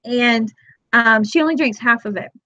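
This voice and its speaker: A slightly high, pushed and bright female voice comes through at normal speed with no echo, on dull, dry lo-fi webcam audio. She runs a weekly moms' chat live for viewers, telling stories, performing her friends' lines in quotes and saying "girl" to her audience.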